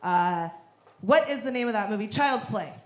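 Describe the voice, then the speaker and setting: A woman in her thirties doing a stand-up comedy set on a club stage, with a deadpan, bawdy delivery. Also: mid-range voice, normal speed. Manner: deadpan, bawdy punchlines, laughs at own jokes. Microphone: handheld stage mic. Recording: echoey club with crowd noise. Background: audience laughter.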